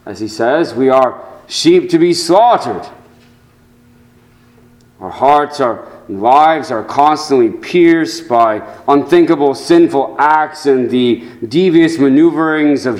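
A man preaching a sermon to his congregation, slow and measured, with deliberate pauses. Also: fairly high pitch, darkish tone, low-quality recording. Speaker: pastor.

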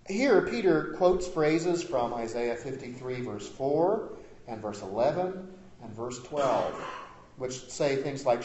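A man's voice: medium pitch, dull audio. Emphatic preacher man, echoey sanctuary. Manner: emphatic preaching, swings between loud declarations and quiet drops. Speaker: pastor. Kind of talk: sermon.

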